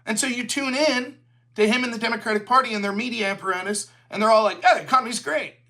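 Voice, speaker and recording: A man's voice: high-pitched, fairly even intonation, fast, sharp tone. A man hosting a livestreamed political commentary show, talking in a heated, sarcastic way. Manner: sarcastic, heated, slips into mocking voices.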